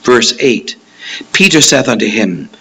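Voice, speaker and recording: A man's voice: medium pitch, expressive, unhurried, pushed and bright, low-quality recording. A man preaching a verse-by-verse Bible teaching, stressing key words and acting out the disciples' protests in a raised voice. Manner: emphatic, acts out Peter's protests in a raised voice.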